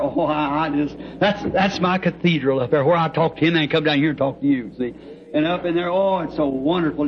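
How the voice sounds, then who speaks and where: A man's voice: fairly high pitch, a little hiss or hum. A man preaching a sermon to a congregation, fervent and rhythmic, telling stories with chuckles. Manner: fervent, rhythmic, storytelling with laughs. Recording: dull lo-fi old tape recording.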